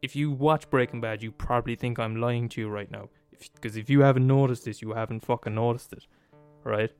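Guy ranting on his podcast, swears constantly, hammers his points, mid voice, soft guitar in the back. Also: medium pitch, steady tone, a little fast, clean tone. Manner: profane, emphatic, laughs at his own points. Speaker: podcast host. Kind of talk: comedic rant.

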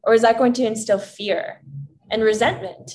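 A woman's voice: fairly high pitch, fairly even intonation, moderate pace, a little mellow. Earnest woman talking about self-love. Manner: earnest, preachy, acts out inner dialogue. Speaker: guest. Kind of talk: casual spiritual chat.

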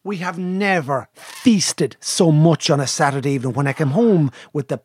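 A middle-aged Irish man on a podcast, telling a long animated family story and acting out the voices of the people in it. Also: on the high side, normal speed, husky. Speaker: podcast co-host. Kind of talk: casual storytelling chat.

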